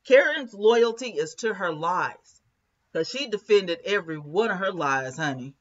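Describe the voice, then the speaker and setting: A woman's voice: on the low side, animated, unhurried, lo-fi sound. A woman hosting a live commentary stream, chatting casually, laughing often and reading viewer comments aloud.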